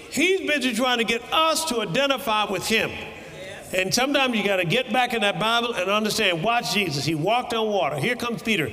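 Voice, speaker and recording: A man preaching a sermon in a church, animated and breaking into shouted bursts. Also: very high-pitched, moderate pace, long reverb tail, noisy background.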